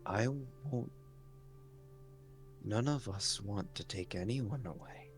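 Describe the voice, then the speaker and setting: A man playing a soft-spoken earnest construct soldier. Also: sits low, lively intonation, a little fast, faint music behind. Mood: earnest quiet. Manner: quiet, earnest, softly spoken. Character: earnest artificial soldier construct, gentle with children.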